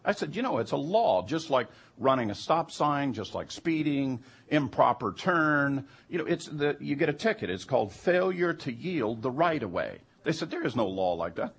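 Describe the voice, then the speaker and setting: A man's voice: on the high side, animated, normal speed, few pauses, breathy edge. A man telling a personal anecdote in an emphatic way that turns heated and incredulous. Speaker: storyteller recounting jury duty.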